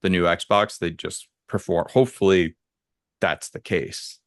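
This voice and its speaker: A young man from the States chats on a podcast in a fairly low voice, leaning on "like" as he rambles through a story. The sound is dry and close, with no room around it. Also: steady tone, unhurried, no room sound. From United States. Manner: rambling, filler-heavy storytelling. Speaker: podcast co-host. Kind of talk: casual chat.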